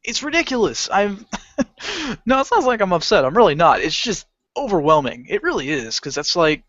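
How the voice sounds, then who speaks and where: A man's voice: sits high, normal speed. A young man co-hosting a podcast, telling a rowdy story about work and cursing freely as he acts out the people in it. The recording is dull and lo-fi, with a dry, close sound and no room echo. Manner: animated storyteller, swears a lot, acts out customers. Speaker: podcast co-host. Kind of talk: casual chat.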